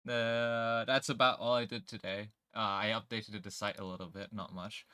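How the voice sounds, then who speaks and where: Bright, crisp-voiced male streamer. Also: fairly low pitch, steady tone, moderate pace, hardly any pauses, no echo. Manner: chatty, laughs easily, checks his setup aloud. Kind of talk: casual live-stream chat.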